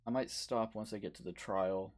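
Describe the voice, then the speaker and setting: Low-voiced man streaming a game. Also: steady tone, moderate pace. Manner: rambling, self-mocking, chatting to viewers. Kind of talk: casual game playthrough commentary.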